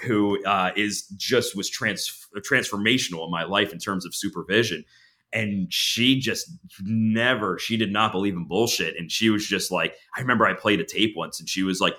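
Middle-aged man, podcast guest, candid and animated, low bright voice. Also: a little fast. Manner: candid, animated storyteller with frequent restarts. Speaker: counselor supervisor, podcast guest. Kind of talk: casual podcast chat.

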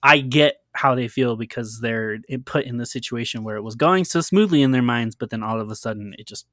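Bright, chatty male podcast host. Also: medium pitch, a little fast, no echo, clean studio sound. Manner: chatty, with lots of "like" fillers and laughter. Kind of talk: casual chat.

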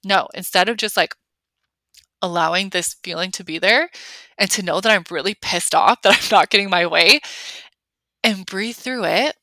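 A woman's voice: medium pitch, normal speed, pauses often, sharp tone, no room sound. A young adult woman hosting a podcast, talking casually and emphatically with lots of fillers. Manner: chatty, filler-heavy, emphatic. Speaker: podcast host. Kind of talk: casual confessional chat.

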